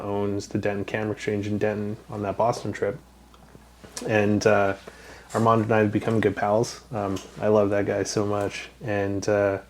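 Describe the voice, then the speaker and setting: A man's voice: on the low side, darkish tone, a little hiss or hum. A man from Canada hosting a casual podcast chat, telling rambling stories with lots of ums and swearing. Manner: rambling storyteller, swears freely, many ums. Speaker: podcast host.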